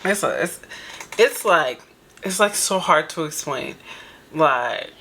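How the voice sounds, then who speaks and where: Woman host reacting to a clip; bright, chatty, teasing. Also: sits low, animated, takes it slowly, a little hiss or hum. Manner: chatty, teasing, says "baby". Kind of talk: casual reaction commentary.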